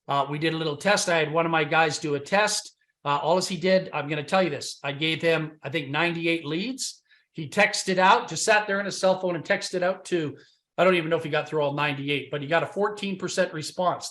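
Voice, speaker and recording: A man with a high-set voice runs a hyped business pitch over a call. He's brash and boastful, punching up the big claims and then dropping into low, confiding asides. His voice sounds slightly worn from all the loud talking. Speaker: business opportunity presenter on a conference call.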